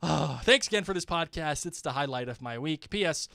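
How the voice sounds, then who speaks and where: A man co-hosting a podcast, chatting casually and reading listener emails aloud in a playful, animated way. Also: on the high side, brisk, creaky, no echo. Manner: playful, animated, breaks into laughter. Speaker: podcast co-host.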